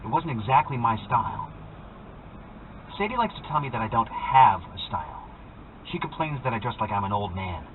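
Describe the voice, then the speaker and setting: A man's voice: medium pitch, big pitch swings, moderate pace. Man narrating a story over a tinny line. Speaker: audiobook reader. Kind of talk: scripted first-person narration. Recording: tinny phone-like sound with faint noise.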